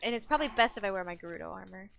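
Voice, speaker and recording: A woman's voice: medium pitch, animated, rapid-fire, vocal fry, noisy background. A woman live-streaming a video game, chatting casually, reading chat aloud and giggling often.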